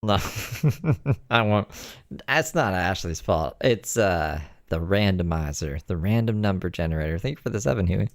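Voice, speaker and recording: A man's voice: low-pitched, lively intonation, moderate pace, dry recording, studio quality. A man hosting a live stream, chatting casually and thanking donors. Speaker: stream host reacting to a video.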